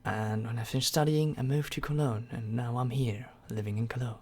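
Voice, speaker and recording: Young man, German accent, sarcastic, joking, live-stream chat reading, middle-pitched voice. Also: fairly even intonation, fairly quick, a little mellow. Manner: sarcastic, joking, laughs often. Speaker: YouTube channel host.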